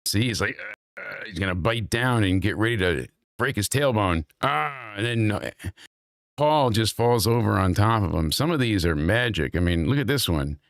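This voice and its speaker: A man with a low voice hosts a casual podcast, reacting to clips and swearing loudly as he gets worked up, his pitch leaping upward. The recording is dry and close. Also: moderate pace, no room sound. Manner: excitable, swears loudly, jumps high in pitch when worked up. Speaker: podcast host. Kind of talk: casual chat while watching clips.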